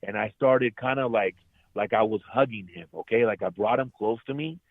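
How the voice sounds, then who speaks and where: A man, an actor guest on an interview show, telling a deeply personal story in an earnest, heartfelt way and calling the host brother. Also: moderate pace, no room sound. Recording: tinny phone-like line.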